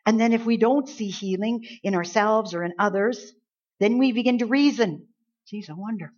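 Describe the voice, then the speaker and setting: A woman pastor delivering a sermon, building to emphatic peaks and dropping to soft, earnest tones. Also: a little high, moderate pace. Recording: dull lo-fi church recording.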